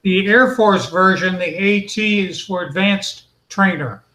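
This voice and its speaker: A high-pitched man speaks at a measured pace over a noisy background, a guest on a hobby hangout video call. He knowledgeably and patiently explains aircraft details, designations step by step, and his model building, in a roomy, echoey room.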